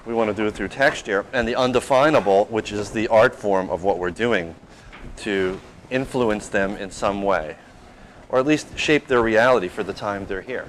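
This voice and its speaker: A man in his fifties, a chef and restaurant owner, telling anecdotes in a lively, casual way. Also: lowish voice, normal speed, slight background noise, low-quality recording. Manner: animated anecdotal, plays out quotes. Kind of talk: casual storytelling interview.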